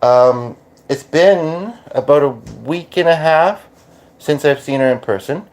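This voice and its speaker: A Canadian man hosting a podcast as a medium, talking casually and haltingly with many restarts. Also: a little high, animated, darkish tone. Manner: hesitant, full of restarts and fillers. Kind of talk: casual channeling monologue.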